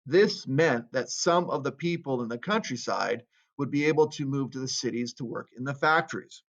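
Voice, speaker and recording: Casual male teacher lecturing on history, mid-pitched, dull lo-fi sound. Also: moderate pace. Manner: casual, reads quotes aloud then comments. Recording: dull lo-fi recording.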